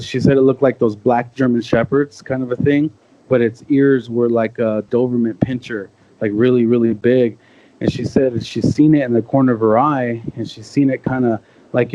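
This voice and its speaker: Guest man, 30s, excitable storyteller, slangy and rambling, mid-pitched voice on a muffled recording. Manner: excited, conversational, peppered with "bro" and "like". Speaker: podcast guest. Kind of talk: casual storytelling.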